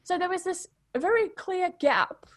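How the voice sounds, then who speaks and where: A young woman, a podcast guest telling her story in a chatty, quick way and laughing often. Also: very high voice, expressive, no room sound, studio quality. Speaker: podcast guest, English pronunciation teacher. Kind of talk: casual storytelling interview.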